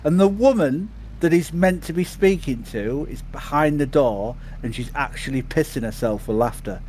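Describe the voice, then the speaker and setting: A man's voice: a little high, lively intonation, normal speed, a little mellow, slight background noise. A man with an English accent chatting casually with friends while gaming, often restarting his sentences and breaking into laughter. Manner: chatty, stammering restarts, bursts into impressions and laughter. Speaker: player chatting on a farming sim stream. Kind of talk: casual chat.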